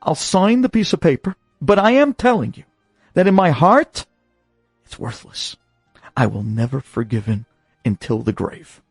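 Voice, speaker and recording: A man voicing a young wife who is wounded and speaks quietly but insistently. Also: a little high, expressive, measured pace, breathy edge, no room sound, clean studio sound, soft background music, full character voice. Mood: hurt. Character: young wounded woman, stubborn then yielding.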